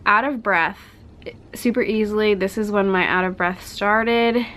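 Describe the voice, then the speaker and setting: A woman's voice: medium pitch, steady tone, measured pace, fairly bright tone, rough recording. Young woman rambling thru a vlog update at home, kinda breathless, faint hum behind. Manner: chatty, rambling, frequent "like". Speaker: vlogger. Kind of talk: casual pregnancy update vlog. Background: washing machine hum.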